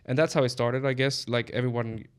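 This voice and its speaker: A man's voice: medium pitch, fairly even intonation, fairly quick, smooth. A man with a Swedish accent chatting casually on a podcast, thinking aloud with ums and restarts. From Sweden. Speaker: podcast co-host. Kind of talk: casual chat.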